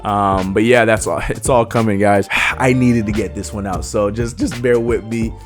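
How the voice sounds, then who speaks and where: A young man hosting a sports channel, ranting in an animated, emphatic way and stretching words out slowly to hammer a point. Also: on the low side, soft background music.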